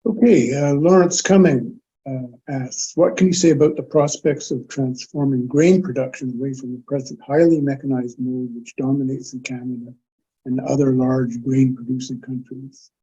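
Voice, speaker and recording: A man hosting a webinar, reading out audience questions and asking his own in a halting way. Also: medium pitch, steady tone, mellow, husky. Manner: halting, with fillers between phrases. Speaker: webinar host. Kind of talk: moderating a webinar. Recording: dull lo-fi line.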